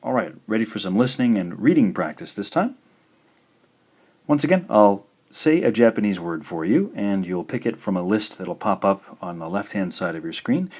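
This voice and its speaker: A man teaching in a recorded video lesson, patient and slow, saying each syllable out clearly. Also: sits low, a little mellow. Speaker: language teacher.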